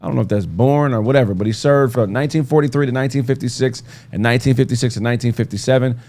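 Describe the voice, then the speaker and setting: Gravelly man hosting a casual podcast. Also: medium pitch, rapid-fire, darkish tone. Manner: loose and joking, reads out facts. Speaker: podcast host. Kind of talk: casual chat.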